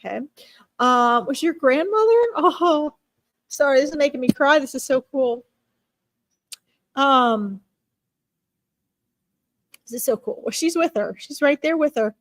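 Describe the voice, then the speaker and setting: A woman giving an animal communication reading on a live stream, speaking gently and emotionally, halting often with fillers and restarts. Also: sits high, expressive.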